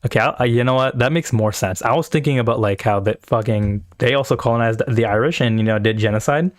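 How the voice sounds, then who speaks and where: A man's voice: medium pitch, quick pace. A man from South Asia streaming live, giving casual, rambling, profane reaction commentary while he thinks aloud. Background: faint anthem music playing.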